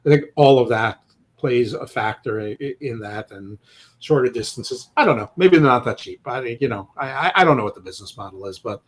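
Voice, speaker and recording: A man co-hosting a sports podcast in an easygoing, joking way. He rambles through his points and often trips over repeated words as he restarts his sentences. His pitch sits in an ordinary middle range. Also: animated, a little fast, breathy edge. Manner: rambling, jokey, stammers on restarts. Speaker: podcast co-host. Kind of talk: casual sports chat.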